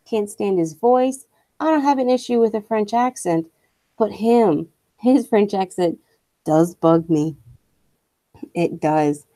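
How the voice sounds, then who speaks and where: A woman's voice: mid-range voice, expressive, slow, long pauses, dark tone, no room sound. A young woman streamer ranting casually, blunt and profane, full of strong opinions. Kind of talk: casual rant while streaming.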